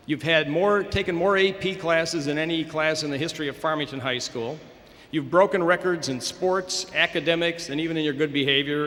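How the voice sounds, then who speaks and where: A man in his fifties, a school administrator, giving a measured, encouraging graduation address from a podium in a large hall. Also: a little high, a bit bright. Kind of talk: formal commencement speech. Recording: echoey hall over a public address system.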